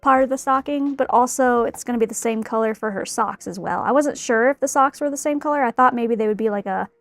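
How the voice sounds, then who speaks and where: A woman's voice: a little high, quick pace, dry recording, soft background music. A young woman chatting casually in a bubbly, rambling way while she paints a figure. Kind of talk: casual chat while crafting.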